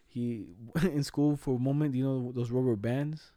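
A man's voice: medium pitch, fairly even intonation, normal speed, dark tone, no echo, clean studio sound. A young man in casual chat, telling school stories in slangy, profane talk and laughing often.

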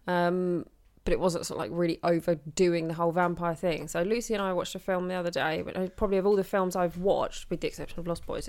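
A woman chatting casually about films, hesitant and full of fillers. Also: lowish voice. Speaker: podcast co-host.

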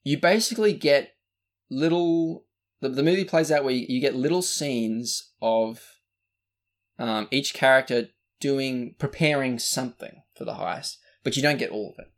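Speaking at a moderate pace in a medium-pitched voice, an Australian podcast co-host casually rambles through a film review, repeatedly restarting and leaning on fillers.

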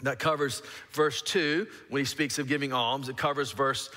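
A male pastor delivers a storytelling sermon, bursting into acted-out shouts. His voice is bright and forceful. The sound carries a long reverb from a large hall. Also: mid-range voice, normal speed. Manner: storytelling with lively shouted re-enactments.

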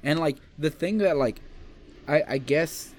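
A man's voice: fairly high pitch, a little slow, darkish tone. A young man co-hosting a podcast in casual chat, rambling and swearing with lots of restarts. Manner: rambling, profane, restarts a lot. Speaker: podcast co-host.

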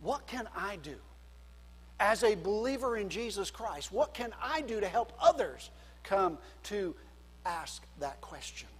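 High-voiced pastor preaching in a hall. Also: male voice, sing-song, a little slow, breathy edge. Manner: preaching with wide swings from loud emphasis to quiet drops. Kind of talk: sermon.

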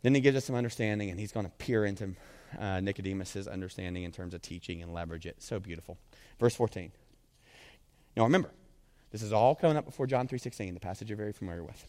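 A man preaching as a pastor, telling the story with animated energy and tossing in frequent "right?" asides. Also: fairly low pitch, fast talker, in a large hall. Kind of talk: sermon.

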